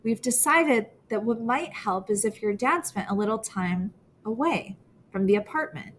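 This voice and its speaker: A woman reading the lines of a worried mother who speaks gently and carefully to reassure her daughters. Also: on the high side, animated, normal speed, a little hiss or hum, close to an everyday voice. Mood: gentle.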